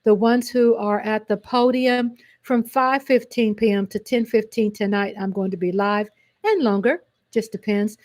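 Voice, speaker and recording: Hosting a casual livestream, a woman from Texas reads out names with a Texan accent, chatty and excitable, correcting herself when she stumbles. She speaks at normal speed in a mid-range voice, with no room sound.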